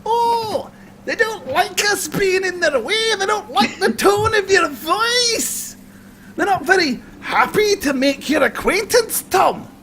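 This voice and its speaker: A man doing a sly mocking Highland bandit. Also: lively intonation, slow pace, pushed and bright, slight background noise, full character voice. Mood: taunting. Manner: wheedling mock-polite drawl.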